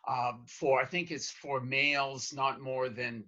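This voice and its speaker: A man from Canada, a guest in an interview conversation, speaking in a halting way with many restarts as he cites studies. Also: medium pitch, steady tone, sharp tone. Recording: slightly muffled lo-fi audio.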